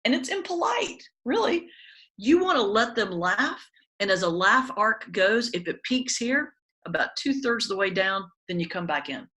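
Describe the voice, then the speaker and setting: A woman, a pastor and stand-up comedian, teaching in a conversational webinar talk with animated storytelling and comic timing. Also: mid-range voice, normal speed, poor audio. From Southern United States.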